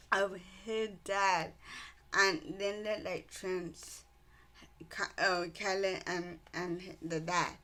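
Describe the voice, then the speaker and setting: A woman's voice: medium pitch, bright, forceful tone. A woman casually retelling a novel's plot as a book reviewer, rambling with many ums and restarts.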